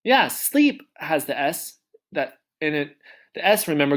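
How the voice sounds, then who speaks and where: A male teacher walks young children through letter sounds, stretching each one out at an unhurried pace. His pitch swoops up and down in a lively, animated way, and he keeps encouraging them with frequent praise. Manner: slow, exaggerated sounding-out of letters and warm praise. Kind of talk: early reading lesson for children.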